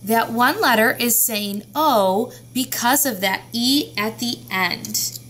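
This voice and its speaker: A woman leads a phonics lesson for young children. She speaks slowly in a fairly high voice and sounds out each letter with care. A faint hum sits under the recording. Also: fairly bright tone. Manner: slow, clear, sounding out letters. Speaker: teacher.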